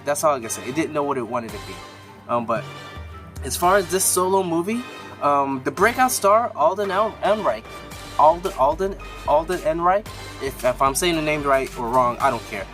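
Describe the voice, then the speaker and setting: A man's voice: expressive, normal speed, music in the background. Rambling man reviewing a movie, voice leaping up and down. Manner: rambling, many restarts, voice jumps up high when riled. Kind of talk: casual movie review vlog.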